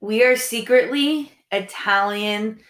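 Bright young woman cracking jokes. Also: on the high side, takes it slowly, echoey room. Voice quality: laughing, swearing freely. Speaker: podcast co-host. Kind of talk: casual chat.

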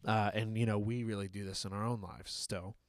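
A man's voice: lowish voice, fairly even intonation, a little fast, dry recording. A man in a casual church discussion, thinking aloud and restarting his sentences as he asks the pastors his questions. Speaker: church small-group member asking questions.

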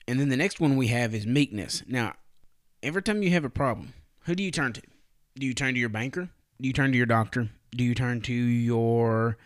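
A man's voice: mid-range voice, dry recording, studio quality. A man giving a casual morning devotional on his podcast, folksy and plain-spoken, asking his listeners rhetorical questions. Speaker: podcast preacher.

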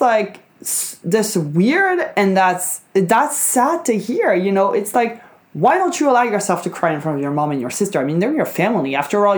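A young woman hosting her own show, chatting casually on her own in a rambling, emphatic way with frequent swearing. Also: lowish voice. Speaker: podcast host. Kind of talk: casual solo chat.

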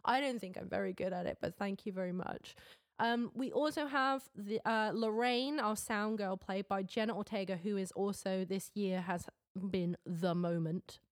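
A woman's voice: medium pitch, normal speed, no room sound. Chatty English woman, dry sound. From England. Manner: chatty, swears freely, laughs often. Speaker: podcast co-host. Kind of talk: casual film review chat.

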